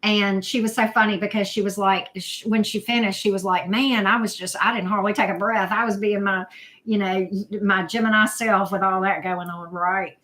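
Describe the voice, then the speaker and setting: A woman's voice: mid-range voice, steady tone, normal speed, a bit bright. A woman hosting a casual live chat, greeting viewers by name, repeating herself with many fillers. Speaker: livestream host, tarot reader.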